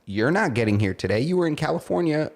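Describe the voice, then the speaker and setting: His voice is a little high and gravelly, and he talks at a quick pace. The man co-hosts a podcast, telling an animated story in casual talk while impersonating the people he quotes.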